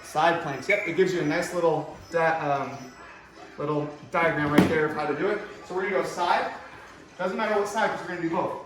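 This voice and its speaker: A man leading a home workout as a fitness instructor, encouraging and quick with short praise, recorded indoors at home. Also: fairly high pitch. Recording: echoey room, far from the mic.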